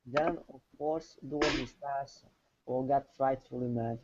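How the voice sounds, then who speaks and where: A man's voice: mid-range voice, steady tone, slow pace, lo-fi sound, heavy background noise. A man reading a rhyming story aloud steadily as a student in a lesson.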